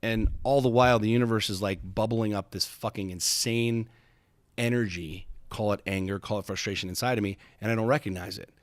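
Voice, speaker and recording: Low-voiced man telling an intense story. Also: steady tone, a little fast, dry recording. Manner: intense, emphatic, profane, with frequent repeated starts. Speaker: podcast host. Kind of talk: podcast conversation, personal storytelling.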